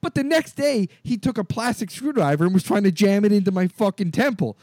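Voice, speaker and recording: Animated, profane storytelling man. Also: sits high, fairly quick, no room sound. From California. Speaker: podcast co-host. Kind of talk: casual chat.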